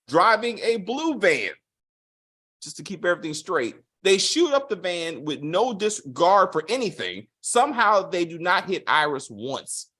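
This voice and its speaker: A man reviewing a TV series in casual, profane chat, mocking the plot with acted-out quotes. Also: sits high. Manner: animated, swearing, mocking retellings with acted quotes. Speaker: TV show reviewer.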